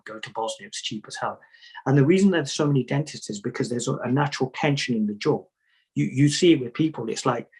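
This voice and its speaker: Husky-voiced man telling stories. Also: medium pitch, low-quality recording. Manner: storytelling, repeats words, jokey asides. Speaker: Sufi teacher, guest. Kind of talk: conversational interview answers.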